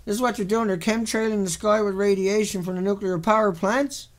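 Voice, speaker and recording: A man's voice: high-pitched, steady tone, a little fast. A man giving sarcastic, ranting commentary on a series of pictures, mocking and repetitive in his delivery. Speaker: video commentator.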